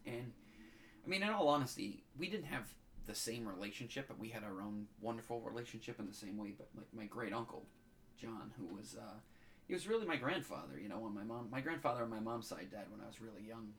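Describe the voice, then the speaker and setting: A choked-up man co-hosting a casual chat, rambling through a heartfelt story with a bright voice. His words come in fits and restarts as emotion catches him. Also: on the low side, lively intonation, a little fast, slight background noise. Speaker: podcast co-host.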